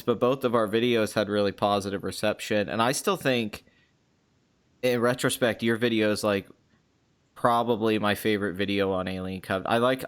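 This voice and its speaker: A man hosting a casual chat, excitable, swearing freely and restarting his sentences. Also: fairly low pitch. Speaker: podcast host.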